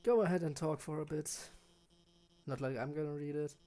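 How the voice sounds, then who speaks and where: A man's voice: fairly high pitch, moderate pace, mellow. A man streaming a video game, chatting casually about what he is doing and joking about his own attempts at character voices. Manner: chatty and self-deprecating. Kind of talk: casual gameplay commentary.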